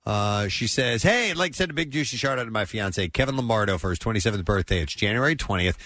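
A man hosting a casual radio show, reading listener shout-outs in a lively, chatty way. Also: lowish voice, quick pace, dry recording, studio quality. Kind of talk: casual morning radio banter.

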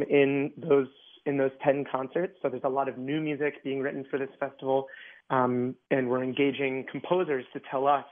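A man speaking as an orchestra guest in a casual radio interview, chatty, with many fillers and restarts. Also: mid-range voice. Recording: tinny phone-like line.

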